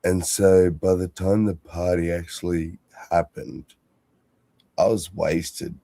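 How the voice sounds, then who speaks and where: Deep, slow-talking man. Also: level tone, warm tone, no room sound. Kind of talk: casual conversation.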